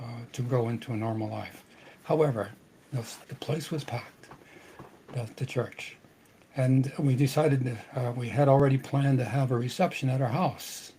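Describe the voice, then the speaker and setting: Older man recounting a personal story, mellow. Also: medium pitch, a little hiss or hum, poor audio. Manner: earnest, halting with restarts. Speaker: podcast host.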